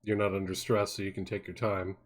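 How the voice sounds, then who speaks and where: A man narrating as game master of a tabletop game, relaxed and chuckling. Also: low voice, brisk.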